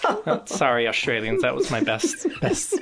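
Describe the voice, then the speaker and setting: Middle-aged male host, gravelly voice, relaxed storyteller for a reflective talk. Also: medium pitch, normal speed. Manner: calm, conversational storytelling.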